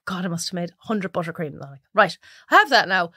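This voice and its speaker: A woman's voice: lowish voice, fast talker, slightly rough, dry recording, studio quality. A young adult Irish woman, a cook and podcast guest, chatting casually and acting out other people's voices as she tells stories. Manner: animated storyteller, acts out others' voices. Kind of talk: casual chat.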